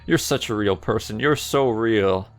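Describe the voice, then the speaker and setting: A man voicing a suspicious, nagging mother in a high falsetto, reading her lines from a text adventure game. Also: measured pace, soft background music. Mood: mocking. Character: shrill nagging mother, middle-aged woman.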